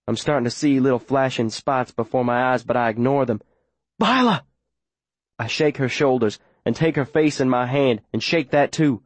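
A man narrates a first-person story in an urgent, breathless, tense way. His voice sits at a middle pitch. The recording is close and dry, with no room sound. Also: fairly even intonation, a little fast, hardly any pauses, no room sound. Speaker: audiobook narrator.

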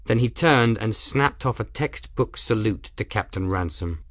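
Reading an audiobook, a man tells the story in an even, measured manner. His voice is fairly low in pitch, recorded dry at studio quality.

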